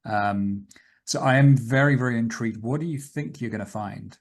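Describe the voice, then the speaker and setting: A man with a mid-range voice acts as game master for a tabletop game, narrating scenes slowly and dramatically.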